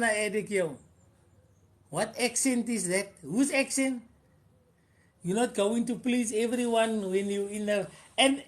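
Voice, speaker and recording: A woman's voice: a little high, darkish tone. A woman with a Cape Coloured South African accent hosting a casual live stream, repeating phrases for emphasis and switching between English and Afrikaans.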